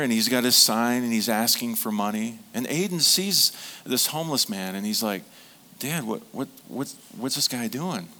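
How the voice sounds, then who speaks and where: A middle-aged man, preaching a sermon as a pastor in an earnest storytelling manner. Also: medium pitch. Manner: earnest storytelling, becomes quiet and emotional.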